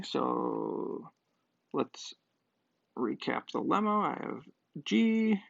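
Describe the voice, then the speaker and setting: A man's voice: medium pitch, vocal fry, a bit bright, no room sound. A man teaching a math lecture, working through a proof step by step and thinking aloud with occasional fillers. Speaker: math professor. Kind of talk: lecture at a board. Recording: dull lo-fi dry sound.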